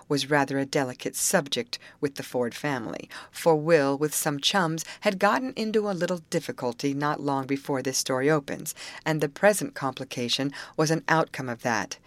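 A woman with a low, grounded voice narrates a storybook, steady and even in her telling. The sound is dry and close, with no room around it. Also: normal speed, dry recording. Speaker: audiobook reader. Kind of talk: scripted narration.

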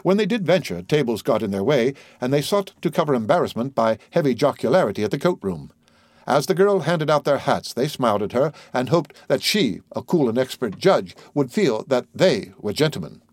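A man's voice: medium pitch, very animated, a little fast, dry recording. Male narrator with dry, close sound. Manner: reads dialogue with light character voices. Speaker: audiobook narrator. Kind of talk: scripted narration.

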